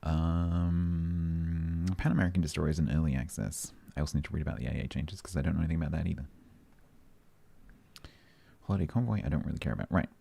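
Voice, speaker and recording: A man's voice: extremely low pitch, brisk, creaky, pauses often, mellow. A man streaming a game, chatting casually with his chat and reading update notes aloud, breaking off to joke and answer questions.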